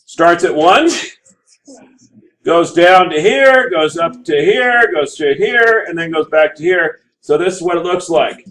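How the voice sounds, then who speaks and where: In this classroom lecture, a male math teacher works aloud through graphs, pausing to check with students and asking the class to verify steps. He speaks a little slowly in a fairly high pitch, with an animated manner, over poor audio.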